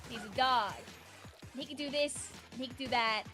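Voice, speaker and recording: Woman, 20s, home game streamer; bright high voice, chatty and giggly, music playing behind. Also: moderate pace. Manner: rambling, chatty, laughing often, reads out chat. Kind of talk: casual live-stream chat while gaming.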